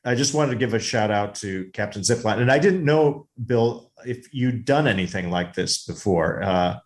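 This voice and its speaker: A man co-hosting a movie podcast, telling a rambling, animated story in casual chat. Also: on the low side, normal speed. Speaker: podcast co-host. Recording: roomy echo.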